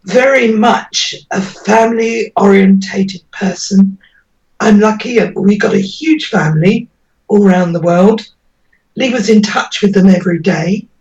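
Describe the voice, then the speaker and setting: A woman's voice: mid-range voice, a little mellow. A woman interviewed about her daughter, talking earnestly and pleading, her voice breaking with emotion. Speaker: interviewee, mother. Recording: dull lo-fi audio, distant from mic.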